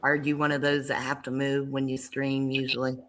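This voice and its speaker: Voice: mid-range voice, monotone, fairly quick, heavy background noise. A guest on a livestream, chatting casually with brief reactions and greetings. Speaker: stream guest.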